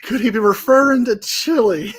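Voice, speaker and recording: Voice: medium pitch, normal speed, husky. A show host giving reaction commentary on a clip, with amused asides.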